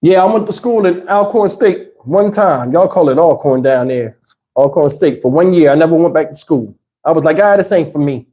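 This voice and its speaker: A man's voice: a little high, moderate pace, mellow. A middle-aged man with a Southern US accent hosting a casual livestream, loose and chatty, laughing often and acting out movie lines. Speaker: livestream host. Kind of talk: casual live chat reading donations.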